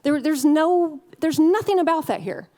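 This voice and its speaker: A woman's voice: high-pitched, moderate pace, mellow. A woman preaching a conversational sermon in a candid, chatty way, full of fillers and frequent laughs.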